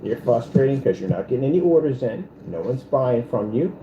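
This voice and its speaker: The recording is muffled with slight background noise, and the man's medium-pitched voice is dark-toned, very animated, and fairly quick. He's a channel host taunting and repeating himself in a ranting commentary video, in an echoey room with music behind.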